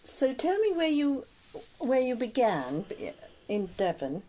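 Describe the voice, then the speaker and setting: A woman hosting an interview, reading an introduction and asking questions in a measured, deliberate way. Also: high voice, sing-song, dark tone, low-quality recording. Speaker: interview host.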